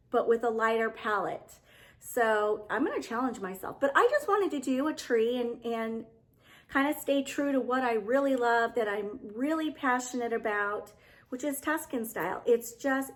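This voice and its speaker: A woman home decor vlogger chatting casually and warmly to her viewers, gushing and heartfelt. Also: fairly high pitch, lively intonation, measured pace. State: getting emotional. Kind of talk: casual vlog chat to viewers.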